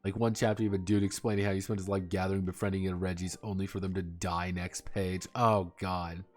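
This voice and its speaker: A man chatting casually on a live stream, excitable and profane, swearing and laughing often as he rambles. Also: low voice, brisk, faint music behind.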